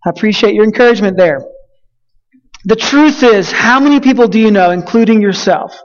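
A man's voice: high voice, animated, fairly quick, muffled recording. A young man from West Texas preaching a sermon, telling folksy stories with lots of fillers and restarts. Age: young adult. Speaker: pastor.

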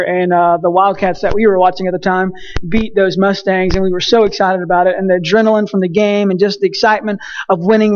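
Guy giving a chatty sermon, tells stories, lots of uhs, kinda dull muffled sound. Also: sits high. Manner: conversational, frequent fillers and restarts, storytelling. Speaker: preacher. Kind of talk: casual sermon with a personal story.

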